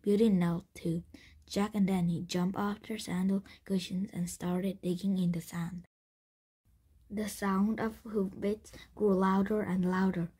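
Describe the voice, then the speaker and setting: A woman reading a children's chapter book aloud, breathy and often whispered, with frequent slips and restarts. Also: medium pitch, fairly even intonation, unhurried, warm tone. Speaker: story reader.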